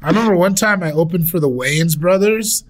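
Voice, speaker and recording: A man's voice: sits high, brisk. A man guesting on a podcast, a comedian chatting casually and chummily about his own shows. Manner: animated, chummy, uses "dude". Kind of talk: casual chat.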